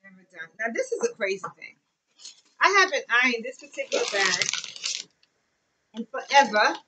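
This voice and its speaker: Bright, excitable woman vlogger in her forties. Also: a little high, normal speed, breathy edge, rough recording. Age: 40s. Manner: excitable, chatty, emotional. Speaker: YouTube vlogger. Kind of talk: casual unboxing vlog.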